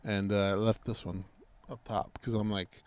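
Speaking at a normal speed in a lowish voice, a man tells a long story in casual chat. He swears freely and gets animated, acting out the arguments he had.

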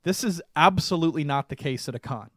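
A young man co-hosting a podcast, telling a story in casual chat, animated and laughing often. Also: on the high side, quick pace, slightly rough, dry recording, clean studio sound. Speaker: podcast co-host.

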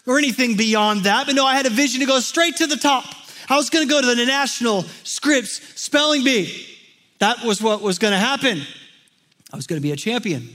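A man in his forties from Texas tells a personal story to an audience, with a very high voice that rings bright and forceful. He talks in an animated way, acting out quotes and filling gaps with ums and you-knows. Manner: animated storyteller, acts out quotes, many fillers. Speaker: speaker. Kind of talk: storytelling talk.

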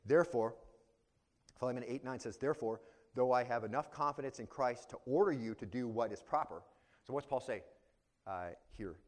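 A male pastor preaching a verse-by-verse sermon. He talks conversationally, keeps checking in with the congregation, and swings between loud emphasis and quiet asides. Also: mid-range voice, normal speed. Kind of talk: expository sermon.

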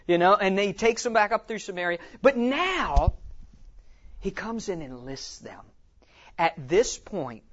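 A man giving an animated teaching talk at a conference. He tells it like a story, acts out quotes and often says "you know". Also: fairly high pitch, lo-fi sound. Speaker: conference speaker.

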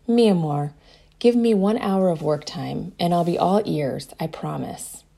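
A busy, caring mother in a storybook, as a woman reads her aloud, firm but loving. She speaks in a calm, measured way with a gravelly low edge. There is little change from the reader's own voice. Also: heavily acted. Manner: calm, deliberate.

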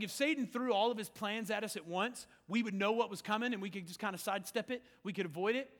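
A male pastor preaching in a conversational way, swinging from loud emphasis to hushed lines in a church sanctuary. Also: sits high, big-room sound. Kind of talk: sermon.

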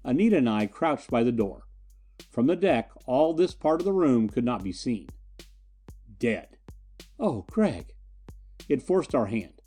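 A man narrating an adventure story in the first person with steady, dramatic storytelling. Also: medium pitch, normal speed, faint music behind. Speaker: audiobook narrator.

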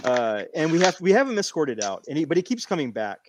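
A man in casual chat, animated and repeating phrases as he tells a long story. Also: on the high side, fast talker, background noise. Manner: animated, repeats himself while telling a story.

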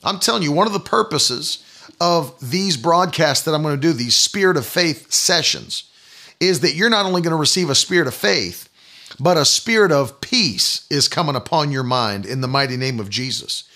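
A man's voice: a little high, animated, moderate pace, pushed and bright. A man preaching an online sermon broadcast, making fervent, repeated declarations of faith.

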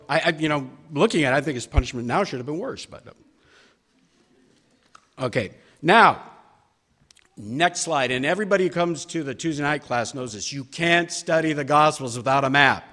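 A man's voice: fairly high pitch, a bit bright, long reverb tail. A man teaching a church Bible study class from slides, talking in a conversational, emphatic way with frequent fillers and restarts.

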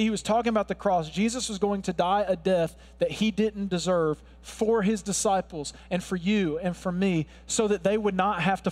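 A male pastor with a high voice delivers an earnest sermon, building in force as he quotes scripture. His words carry a long reverb, as from a large church hall. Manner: earnest preaching, swelling louder when quoting scripture.

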